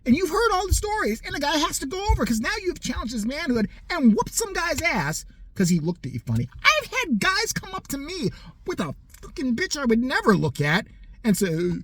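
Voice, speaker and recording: A man's voice: extremely high pitch, huge pitch swings, brisk, fairly bright tone. A man in his forties delivering a profane, mocking comedic rant in a heated way. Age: 40s. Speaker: comedic ranter.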